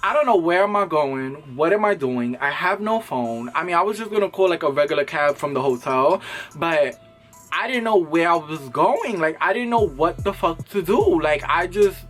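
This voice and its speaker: A young man vlogging a casual storytime, animated and swearing, acting out both sides of an argument. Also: fairly high pitch, normal speed, soft background music.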